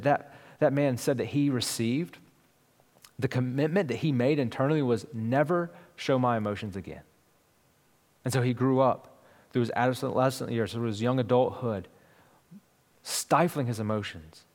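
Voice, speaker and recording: A man's voice: mid-range voice, darkish tone, long reverb tail. A man preaching a sermon as pastor, talking in a conversational way with frequent asides to the congregation.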